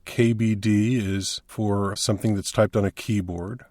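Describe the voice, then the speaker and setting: Low-voiced man teaching a coding lesson. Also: fairly even intonation, measured pace, darkish tone, dry recording. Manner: plain step-by-step explaining. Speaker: instructor.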